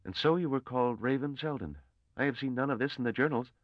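A man's voice: medium pitch, fast talker, no room sound, highs cut off, voice pushed up, close to an everyday voice. A man voicing an earnest, anxious young male scholar who speaks deferentially under pressure. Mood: worried.

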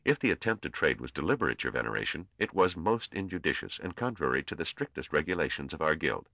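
A man reading an audiobook voices a male trader who pleads in a quiet, careful, formal way. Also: a bass voice, expressive, fast talker, dry recording, highs cut off, heavily acted. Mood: dogged. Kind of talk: audiobook character voice.

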